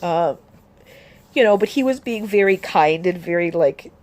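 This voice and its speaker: Grieving young woman, soft dark voice. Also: fairly low pitch, animated. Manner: halting and tearful, many restarts and fillers. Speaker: vlogger. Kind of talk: personal grief vlog.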